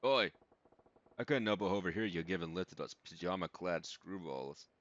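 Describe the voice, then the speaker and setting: A man's voice: low voice, animated, moderate pace, a bit bright. A man voicing a blunt, streetwise tough guy with slangy talk. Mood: gruff. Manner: gruff, slangy, laid-back. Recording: dull lo-fi audio with game music.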